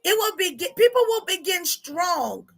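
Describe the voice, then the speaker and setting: High bright-voiced woman life coach. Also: normal speed, creaky. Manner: expressive, laughs often, calls out to the audience. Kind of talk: live motivational coaching talk turning preachy.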